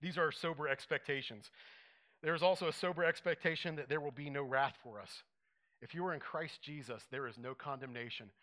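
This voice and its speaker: A man preaching a sermon, conversational and animated, acting out little quotes as he teaches. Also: on the high side, brisk. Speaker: pastor.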